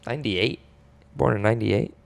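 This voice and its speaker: A man co-hosting a comedy podcast, chatting casually in a deadpan way and reading messages aloud. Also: fairly low pitch, fairly quick, gravelly. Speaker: podcast co-host. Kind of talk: casual banter.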